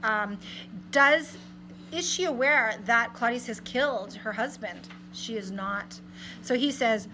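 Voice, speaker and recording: A woman teaches a literature class, quoting lines from a play and explaining them in everyday words. Her voice is high and bright. A faint hum sits behind her. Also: a little slow, rough recording. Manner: explains lines in plain modern paraphrase, reads quotes aloud. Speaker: English teacher.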